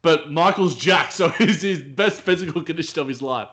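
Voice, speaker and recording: A man co-hosting a casual podcast, animated, laughing often and swearing casually. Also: fairly high pitch, normal speed. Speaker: podcast co-host. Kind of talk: casual chat.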